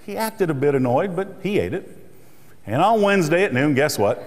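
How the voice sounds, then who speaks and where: A middle-aged male keynote speaker tells jokes and anecdotes on stage. His voice is a little high and very lively, rising and falling as he works the crowd. The conference hall adds a long, ringing echo. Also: moderate pace. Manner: storytelling, joking. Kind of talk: humorous motivational speech. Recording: reverberant hall.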